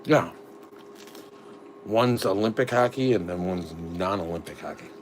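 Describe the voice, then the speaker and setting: A man's voice: deep voice, expressive, unhurried, a little hiss or hum. A middle-aged father chatting casually on a family live stream, a rambling storyteller full of "like" fillers.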